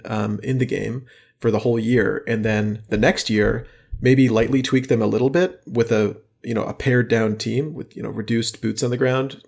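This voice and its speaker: A man's voice: fairly low pitch, vocal fry, a little mellow. A man hosting a podcast from his studio, rambling and teasing in casual chat with lots of fillers. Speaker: podcast host. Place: their own studio.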